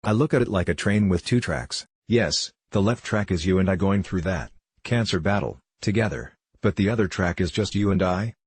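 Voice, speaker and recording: Low husky man, reflective. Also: lively intonation, normal speed, no echo, clean studio sound. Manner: reflective, heartfelt storytelling. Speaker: interviewee. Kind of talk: candid interview answers.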